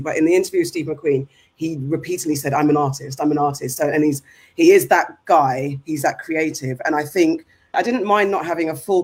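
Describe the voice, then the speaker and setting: A man with a slightly higher voice talks enthusiastically in relaxed podcast chat. He thinks aloud, reflective and a little rambling, as a co-host who interviews for a living. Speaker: podcast co-host and entertainment journalist. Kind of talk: casual chat.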